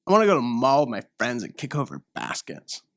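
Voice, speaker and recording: A man's voice: medium pitch, wildly swooping pitch, fast, gravelly, no echo, studio quality. A man voicing a bratty, bored teenage girl who tells fortunes, whiny and dismissive.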